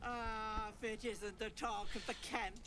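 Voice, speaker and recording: A woman's voice: fairly high pitch, fairly even intonation, measured pace, pushed and bright. A woman voicing a sly old hag who poses as a kindly granny, with folksy, fussing, old-fashioned speech. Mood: doting.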